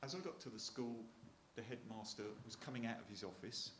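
A retired Royal Marine in his sixties, Hampshire English in accent, entertains an audience with chatty anecdotes, often chuckling and restarting. His mid-range voice is a bit bright, with lively intonation and a brisk pace. The room is echoey, and a little hiss or hum can be heard.

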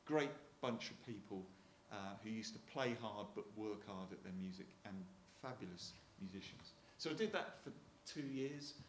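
A man's voice: on the low side, lively intonation, normal speed, hardly any pauses, roomy sound, a little hiss or hum. A man in his sixties with a Hampshire accent, a retired Marine telling chatty anecdotes to an audience, often restarting and chuckling. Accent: Hampshire English. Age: 60s. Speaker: retired Royal Marine speaker.

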